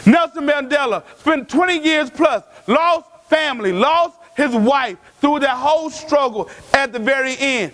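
A man preaching a sermon in a lively, emphatic way, sometimes shouting his points. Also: extremely high pitch.

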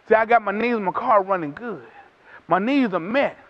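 A male preacher with a very high voice, driving his sermon through repeated phrases that build in rhythm. His calls grow emphatic. The recording is dull and lo-fi. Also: moderate pace.

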